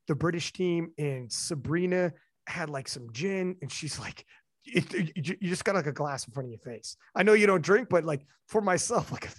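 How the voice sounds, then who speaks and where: A young man hosting a casual chat, telling stories in an animated, slangy way. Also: fairly high pitch, moderate pace, no echo, studio quality. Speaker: podcast host and event commentator.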